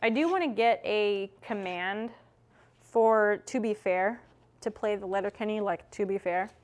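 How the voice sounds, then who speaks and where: A woman's voice: mid-range voice, a little slow, a little mellow. Young woman streamer, casual chat with viewers while working, swears freely, everyday mid-range voice.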